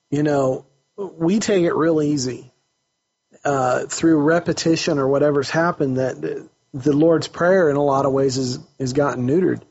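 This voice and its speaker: A man's voice: a little high, breathy edge. A man hosting a casual talk about faith as a counselor, earnest and often restarting his phrases as he searches for words. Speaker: counselor host. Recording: dull lo-fi recording.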